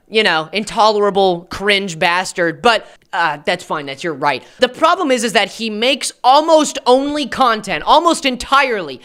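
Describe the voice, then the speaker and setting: A man's voice: sits high, sharp tone, clean tone. A young American man with an American accent ranting in a sarcastic, rambling commentary style with jokey asides. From United States. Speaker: commentary YouTuber. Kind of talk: commentary rant.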